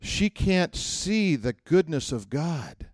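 A man's voice: on the high side, slow, dry recording, studio quality. A man teaching a church class in a conversational sermon style, telling stories, acting out quotes and asking the room questions. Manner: animated storytelling, acts out quotes, asks the room questions.

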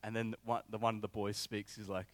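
A young man preaching a sermon, telling a personal story in an animated way with many filler words. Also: lowish voice, fast, dry recording.

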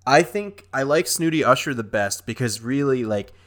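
Podcast co-host, young man, bright voice, rambly, does silly impressions. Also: mid-range voice, expressive, moderate pace. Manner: rambling with fillers, doing goofy character impressions. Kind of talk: casual chat.

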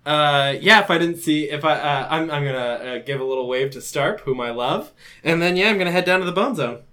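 A man's voice: fairly high pitch, brisk, bright, forceful tone. A man playing a tabletop game, casually describing what his character does. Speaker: player.

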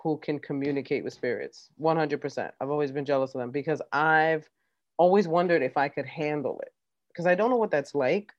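A woman's voice: sits low, a little fast, highs cut off. A woman co-hosting a podcast in casual chat, teasing with dry humor. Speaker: podcast co-host.

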